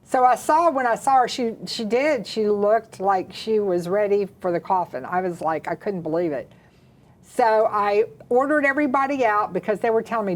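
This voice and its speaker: A woman from the American South, co-hosting and telling a personal story in a lively, dramatic way. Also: medium pitch, moderate pace. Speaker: co-host. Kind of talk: casual storytelling chat.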